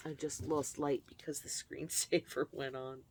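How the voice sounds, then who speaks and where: A woman's voice: very deep voice, slight background noise. Candid woman telling a painful story. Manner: candid, emotional, reflective. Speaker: channel host. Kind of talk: confessional personal storytelling.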